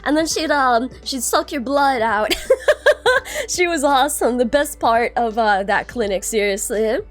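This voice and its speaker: A woman's voice: fairly high pitch, normal speed. A young adult woman streaming, chatting casually and greeting her viewers by name, bubbly and swearing now and then.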